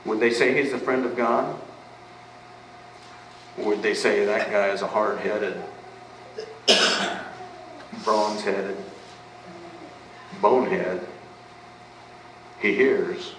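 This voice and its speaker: A pastor in the middle of a sermon, his voice sitting somewhat low. He drives points home with questions he answers himself. The recording catches him from a distance in a reverberant church, with a faint hiss underneath. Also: steady tone, takes it slowly, pauses often, fairly bright tone. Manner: emphatic, asks and answers rhetorical questions. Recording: echoey room, mic at a distance, faint background noise.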